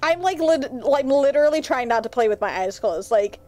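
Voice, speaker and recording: A woman's voice: sits high, expressive, normal speed, dark tone. A young woman streaming a horror game, scared and swearing as she talks to her chat. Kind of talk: live gameplay commentary.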